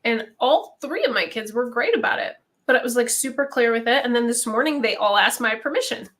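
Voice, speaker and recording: A woman's voice: a little high, lively intonation, a little fast, fairly bright tone. A woman co-host in a casual chat, telling a candid personal story with lots of "like".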